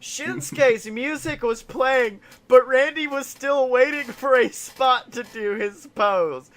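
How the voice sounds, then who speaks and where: Excitable high-voiced man on a podcast. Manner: excitable, laughing, doing quick voices of people he talks about. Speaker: podcast co-host. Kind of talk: casual wrestling chat.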